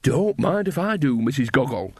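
A man's voice: medium pitch, big pitch swings, normal speed, no room sound, studio quality. A man voicing a jolly, hearty older woman witch with a folksy way of talking.

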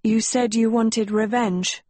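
A woman's voice: fairly high pitch, fairly even intonation, slow, darkish tone, no room sound. A woman voicing a frightened young heroine who stammers and speaks shakily. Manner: shaky, stammering.

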